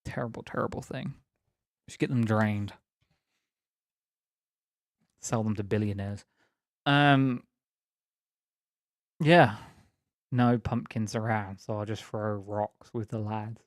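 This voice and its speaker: A man's voice: fairly low pitch, fairly even intonation, unhurried, pauses often, dry recording, clean studio sound. A young man chatting casually on a live stream, rambling, laughing often and teasing viewers.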